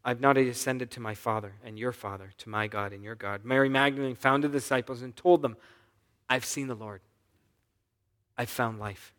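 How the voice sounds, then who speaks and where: A man preaching a sermon, retelling a scripture story and voicing its people, moving between quiet asides and loud, urgent appeals. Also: medium pitch, steady tone, normal speed. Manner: reads scripture and voices the characters' lines. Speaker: pastor.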